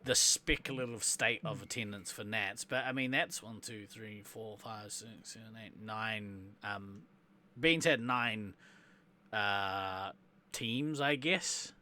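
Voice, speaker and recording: Bright-voiced New man, chatty. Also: fairly low pitch, takes it slowly. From New Zealand. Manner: rambling, laughs often, trails off quietly. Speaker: podcast co-host. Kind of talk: casual chat.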